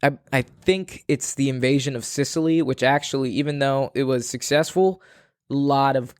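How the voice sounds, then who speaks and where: A man's voice: mid-range voice, normal speed, a little mellow, no room sound. Rambling man in dry casual chat. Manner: rambling, filler-heavy storytelling. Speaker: podcast host.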